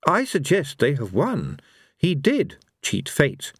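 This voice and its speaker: A graceful, mysterious lady of chance, as a male narrator puts her on, her voice soft and unhurried. She speaks with dainty calm in a storybook reading. The audio is dry and close. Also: fairly high pitch, husky, dry recording, pitched above the performer's own voice, full character voice. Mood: serene.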